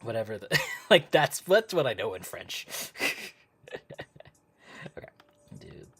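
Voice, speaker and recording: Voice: medium pitch, big pitch swings, takes it slowly, a bit bright, breathy edge. A live-stream host chatting casually with viewers while crafting at home, easily sidetracked and laughing often. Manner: talks to live chat. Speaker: livestream host.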